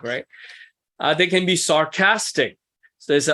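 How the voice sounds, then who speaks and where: A man's voice: on the high side, lively intonation, moderate pace, bright, forceful tone. A man leading a small-group workshop in casual teaching talk, asking the group questions and making self-deprecating asides. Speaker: workshop leader for ministry couples.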